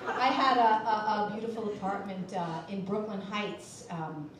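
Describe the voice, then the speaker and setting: A woman doing a stand-up comedy set, wry and self-mocking, slipping into shrill impressions. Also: fairly even intonation, moderate pace, heavy background noise. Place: comedy club stage. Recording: echoey room, voice from a distance.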